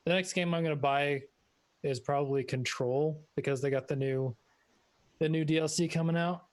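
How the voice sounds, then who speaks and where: A man's voice: fairly high pitch, steady tone, moderate pace. Brief: man, gaming-chat player, upbeat, calls people dude. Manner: enthusiastic, says man and dude, swears. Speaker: tabletop game player. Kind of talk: casual chat.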